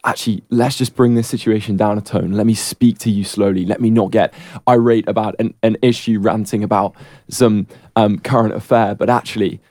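A man guesting on a radio show, speaking in a measured, reflective way. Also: on the low side, fairly even intonation, dark tone, no echo, studio quality. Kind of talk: casual radio chat.

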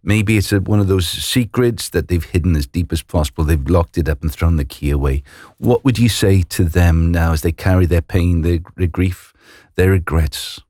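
A man hosting a faith interview, asking gentle questions with hesitant restarts. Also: deep voice, normal speed, dry recording, studio quality. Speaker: host.

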